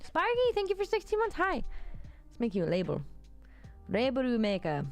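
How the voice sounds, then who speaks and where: A woman hosting a casual livestream, talking bluntly with lots of swearing and quick reactions. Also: fairly high pitch, wildly swooping pitch, creaky, faint music behind. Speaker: livestream host.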